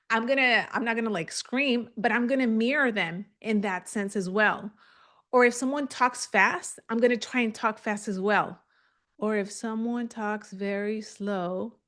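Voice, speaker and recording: A woman's voice: fairly high pitch, bright, forceful tone. A young adult woman giving a live online training, explaining to the camera and acting out call scripts. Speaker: real estate coach.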